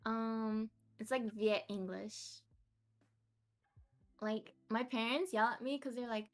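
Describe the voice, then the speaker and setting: Speaking slowly with long pauses, this young American woman has a fairly high voice and fairly even intonation. She's a giggly podcast guest, casually discussing her life, laughing frequently and mocking herself.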